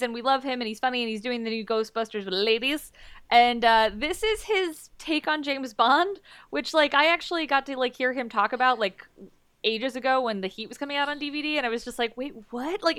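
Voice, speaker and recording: Bright, crisp-voiced woman chatting casually. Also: sits high, no room sound. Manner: chatty, rambling, self-deprecating. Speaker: podcast co-host. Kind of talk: casual chat about upcoming movies.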